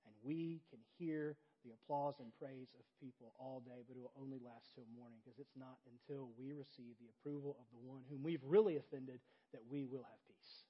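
A young adult man preaching a sermon, telling a story with big swings between loud animated moments and quiet intimate ones. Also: mid-range voice, moderate pace, few pauses, highs cut off. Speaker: pastor.

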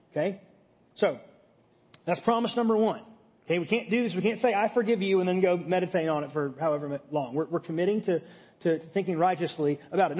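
A man with a high voice preaches to his congregation, talking it through plainly and pausing to ask "okay?" as he goes. His words ring out with a long reverb in a large hall. The sound is a bit muffled. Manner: conversational teaching, frequent "okay?" check-ins. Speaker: pastor. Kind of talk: sermon.

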